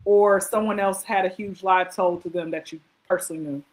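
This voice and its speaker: A woman hosting a casual podcast chat, animated and laughing often as she tells stories and asks questions. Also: mid-range voice, brisk, poor audio. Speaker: podcast host.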